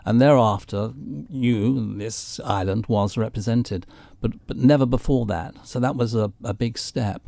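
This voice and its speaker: A man's voice: medium pitch, unhurried, vocal fry, few pauses, mellow, no echo. An older man telling theatrical anecdotes as a guest on a radio chat show. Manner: theatrical storyteller.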